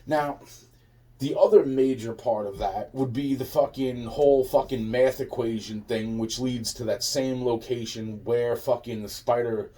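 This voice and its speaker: A man's voice: medium pitch, steady tone, unhurried, warm tone, recorded from a distance. A man in a rambling, profane monologue, restarting his sentences again and again.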